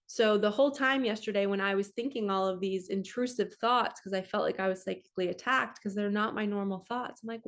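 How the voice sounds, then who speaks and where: At home in front of her computer, a woman spiritual coach of medium pitch talks casually into the camera, fairly quickly and with few pauses. In this casual spiritual teaching vlog, she reads passages aloud and comments on them.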